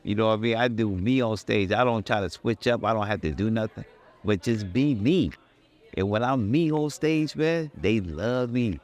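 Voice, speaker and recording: A man who does stand-up comedy, talking about being on stage in a relaxed, earnest and casual way, with loose phrasing. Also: fairly low pitch, normal speed. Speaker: comedian in an interview. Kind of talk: casual reflective talk.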